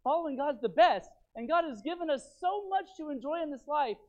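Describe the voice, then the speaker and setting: A man preaching a sermon as pastor in his church, rambling and repeating himself with animated stops and starts. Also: extremely high pitch, brisk. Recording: tinny phone-like sound.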